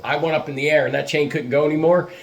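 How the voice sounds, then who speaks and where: Profane, animated storytelling man. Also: a little high, fast, gravelly, soft background music. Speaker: podcast host. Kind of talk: casual storytelling chat.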